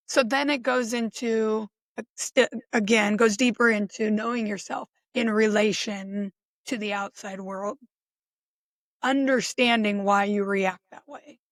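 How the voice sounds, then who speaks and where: A woman's voice: medium pitch, fairly bright tone, dry recording. A woman thinking aloud in a loose, unscripted personal reflection, talking conversationally with many restarts and little laughs. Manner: musing, conversational, with frequent restarts and short laughs. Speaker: self-reflection podcaster.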